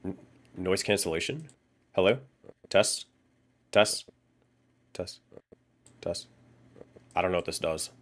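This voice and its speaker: A man's voice: low-pitched, expressive, takes it slowly, pauses often. A man live-streaming in casual chat, swearing and muttering to himself while he fiddles with his audio settings.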